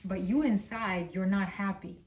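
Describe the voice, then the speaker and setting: A woman with a Russian accent gives a casual astrology reading, rambling with fillers and swearing bluntly. Her mid-range voice has a darkish tone, fairly even intonation, and a measured pace. The recording sounds roomy, with her distant from the mic.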